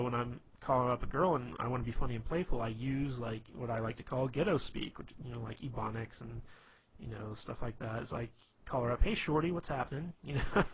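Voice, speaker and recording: Man, mid-pitched, rambling advice vlogger, tinny phone-like sound. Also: a little hiss or hum. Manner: rambling, loose, full of "you know" and restarts. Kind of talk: casual advice monologue.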